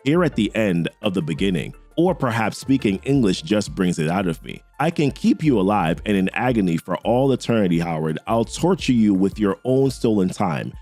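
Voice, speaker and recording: A man reading the lines of a menacing male villain in a lowered, measured voice. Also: very animated, a little mellow, dry recording, soft background music.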